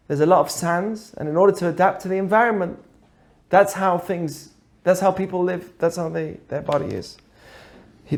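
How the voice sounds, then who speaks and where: A man teaching through an animated story, acting out the characters as he goes. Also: high-pitched. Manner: animated, acts out the voices in his stories. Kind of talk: storytelling lesson.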